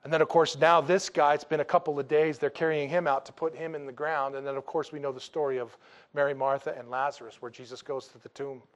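A man preaching a sermon, telling the story in a humorous, animated way and acting out the dialogue casually. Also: a little high, fast talker, highs cut off. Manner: acts out dialogue in a casual, jokey way. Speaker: pastor.

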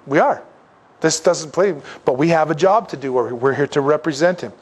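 A man delivers a sermon in a relaxed, conversational way, his voice a little higher than most men's. He slips into the voices of the figures he quotes, rising and falling as he goes. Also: normal speed, husky. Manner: conversational preaching, acts out quoted voices, wide swings in pitch and loudness. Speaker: pastor.

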